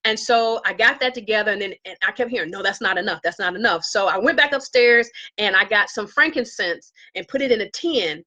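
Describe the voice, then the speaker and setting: A woman casually telling a story to live viewers from her home, acting out quoted lines in a higher voice. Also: fairly quick, few pauses, rough recording. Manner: animated, acts out quotes in a high voice. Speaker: live-stream vlogger. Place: home with herbs around.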